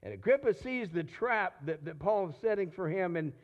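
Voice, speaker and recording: A man's voice: high voice, expressive, moderate pace, highs cut off. A man preaching a sermon in a conversational way, often repeating and restarting his words. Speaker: pastor.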